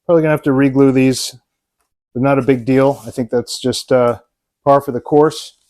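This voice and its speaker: A man's voice: mid-range voice, a little mellow. A man hosting a hobby vlog, narrating an unboxing in a casual, enthusiastic way with frequent ums and uhs. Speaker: RC model hobbyist and channel host.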